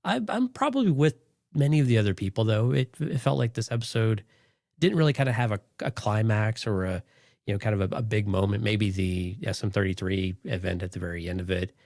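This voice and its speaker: A man's voice: on the low side, lively intonation, fairly quick, vocal fry, a little mellow, no echo, clean studio sound. A man co-hosting a podcast in casual chat, rambling and enthusiastic, with lots of "like.". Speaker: podcast co-host.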